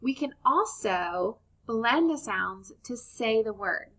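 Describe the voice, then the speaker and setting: A woman teaching young children phonics, sounding out words slowly and clearly and praising them warmly. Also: on the high side, animated. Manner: slow, clear sound-by-sound modeling, encouraging.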